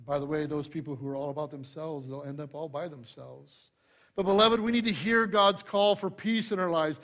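A man delivers a sermon in a fairly high voice. He leans hard into key phrases, then drops to quiet, confiding asides. His humor stays light and conversational. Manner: expressive preaching, swings from loud emphasis to hushed asides. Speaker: pastor.

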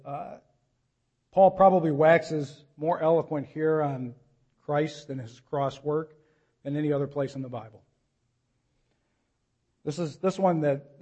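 Pastor, male, fairly high voice, earnest sermon delivery with urgent appeals. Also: darkish tone, lo-fi sound. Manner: earnest preaching, reads scripture slowly, rises to urgent appeals.

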